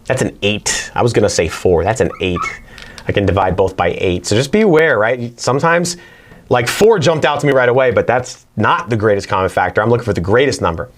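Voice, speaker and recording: A man's voice: fairly low pitch, a little fast. A man teaching a casual whiteboard math lesson, chatting as he works through problems. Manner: chatty, talks to his barking dog between problems.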